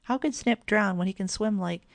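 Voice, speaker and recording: A woman's voice: medium pitch, normal speed, gravelly, no echo, clean studio sound, natural voice. Short-tempered older brother in a storybook, curt and scolding; a woman narrator voices him. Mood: sharp. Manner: sharp, scolding.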